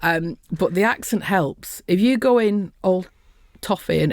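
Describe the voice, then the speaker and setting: Blunt middle-aged woman, soft Lancashire accent. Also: lowish voice, a little slow, no echo. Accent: softened Lancashire. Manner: blunt, bolshie and earthy. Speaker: podcast guest, construction safety professional. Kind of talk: casual interview chat.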